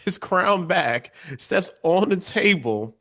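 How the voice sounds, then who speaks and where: A man's voice: high-pitched, expressive, slow, fairly bright tone. Laid-back man chatting about a show. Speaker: podcast co-host. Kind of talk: casual recap chat.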